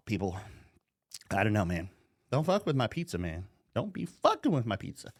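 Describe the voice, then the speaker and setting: A middle-aged man with an American accent delivers a heated, profane rant straight to camera. He mocks as he goes, his pitch leaping up and dropping down, and he coughs now and then. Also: huge pitch swings, normal speed, long pauses. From United States. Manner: heated, swearing constantly, mocking. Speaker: vlogger.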